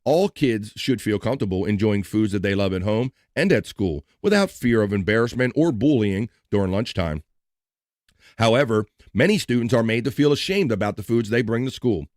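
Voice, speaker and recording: A man's voice: on the low side, moderate pace, dry recording, clean studio sound. A man hosting a live stream, chatting casually and joking, at times singing along. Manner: energetic, jokey, sings along.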